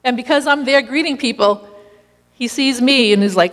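A woman sharing a lively personal story in a church, laughing now and then as she talks. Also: fairly high pitch, normal speed, in a large hall. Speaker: community meal volunteer leader.

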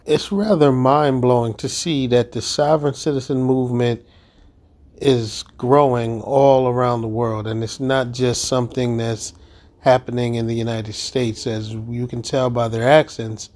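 A man's voice: mid-range voice, darkish tone. A man commenting on a video clip in an incredulous, mocking way. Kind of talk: reaction commentary.

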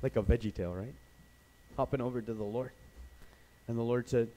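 A man from Canada preaching a sermon as pastor, telling stories with animated energy and acting out the voices of people he quotes. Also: medium pitch, a little fast, pauses often, a little hiss or hum, low-quality recording.

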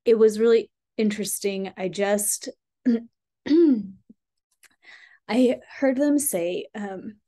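A woman with a mid-range voice talks to camera about healing work in a relaxed, chatty vlog. Her delivery is heartfelt and a little rambling, full of "like" and "you know." She addresses the viewer directly and warmly. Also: mid-range voice, slow pace, pauses often. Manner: earnest, rambling, heavy use of "like" and "you know"; heartfelt, speaking straight to viewers. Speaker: spiritual healing teacher. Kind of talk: casual spiritual vlog talk.

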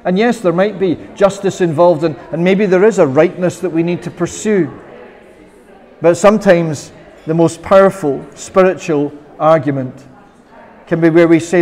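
A Scottish minister delivers a sermon earnestly at a moderate pace, his voice on the high side and darkish in tone. Quoted prayers come out with sudden, impassioned force, and the church adds a long reverb.

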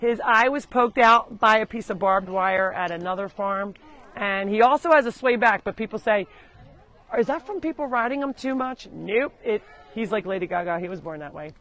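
A woman hosting a live show from her animal sanctuary, chatting casually outdoors and loudly scolding the animals. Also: mid-range voice, moderate pace. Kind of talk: casual live-stream chat. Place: outdoors on a farm among animals.

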